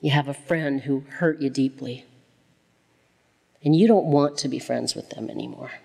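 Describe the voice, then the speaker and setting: A woman teaching a Bible study in a conversational way, repeating phrases for emphasis and slowing down to stress key lines. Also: extremely low pitch, creaky, warm tone, husky. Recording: long reverb, as in a hall.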